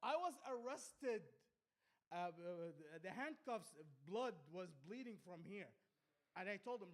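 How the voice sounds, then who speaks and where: Profane high-voiced comic ranting defiantly. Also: male voice, lively intonation, unhurried. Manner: profane, defiant, loud bursts then muttering. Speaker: stand-up comedian. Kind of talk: rambling open-mic stand-up rant. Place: small comedy club.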